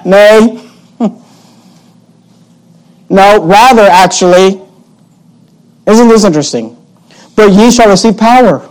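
A man's voice: sits high, animated, takes it slowly, pauses often, a little mellow, low-quality recording. A man preaching a sermon as pastor, emphatic and repeating his key phrases, reading scripture aloud in old-fashioned wording.

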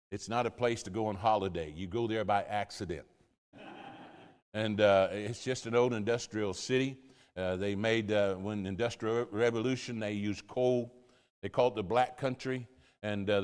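A man's voice: on the low side, darkish tone. An older American man, a missionary pastor, telling stories in a sermon style, rambling with many fillers and repeated words. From United States. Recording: long hall reverb.

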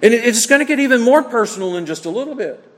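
A man preaches a Bible sermon with emphatic, repeated phrases. His fairly high voice swings widely in pitch. The sound carries a long reverb from a large church hall. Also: animated, fast talker, fairly bright tone. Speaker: pastor. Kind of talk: expository sermon.

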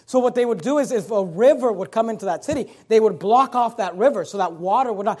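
A man's voice: high-pitched, lively intonation, fast talker, few pauses, darkish tone. A man preaching an expository sermon, reading scripture with dramatic emphasis and breaking into conversational asides to the congregation.

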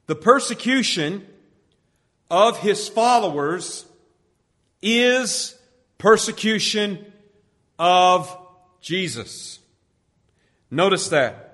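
A male pastor preaching a sermon with emphatic, drawn-out stresses, dropping his voice low when he quotes scripture, recorded in a church sanctuary. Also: animated, a bit bright. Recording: church hall with long reverb.

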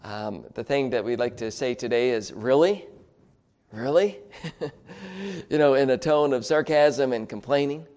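A man's voice: medium pitch, moderate pace, few pauses, a little mellow, smooth. Chuckling preacher leading his congregation. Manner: leads the congregation in repeating words aloud; chuckles often between points. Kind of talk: sermon.

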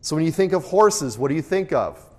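Sing-song and a little fast, this man's fairly high voice guides a Bible study. He's the teacher, loudly reading scripture, questioning his group, and repeating what they answer.

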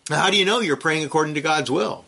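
A man preaching with a bright, forceful voice pitched a little above the usual. He reads scripture aloud and presses his listeners with urgent rhetorical questions. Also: fast, creaky, husky. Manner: reads scripture quotations aloud with rising emphasis. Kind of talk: sermon.

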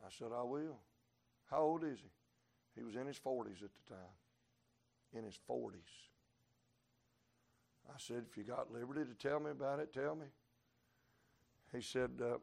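A male preacher delivering a revival sermon, storytelling in a folksy way and breaking into sudden shouts. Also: mid-range voice, steady tone, normal speed, creaky, long pauses. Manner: preaching with sudden shouted peaks and Southern folk sayings.

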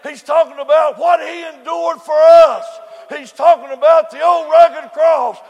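A man preaching a sermon, swinging between loud shouted cries and low, quiet storytelling. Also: fairly even intonation, a little slow, vocal fry, highs cut off, a faint crowd. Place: church. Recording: echoey hall with faint congregation.

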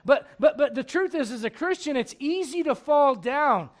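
A man in his thirties delivers a sermon in a strikingly high voice. He talks to the congregation like a friend, punching certain lines loudly before falling back to quiet, almost private remarks. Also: animated, normal speed. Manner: conversational preaching, swinging between loud emphasis and hushed asides. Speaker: pastor.

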